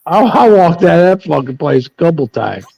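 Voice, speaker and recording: Blunt, profane man with a higher voice. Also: sing-song, normal speed, gravelly, dark tone, husky, dry recording, muffled recording. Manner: blunt, profane, rambling storytelling. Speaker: panel host. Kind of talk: casual chat.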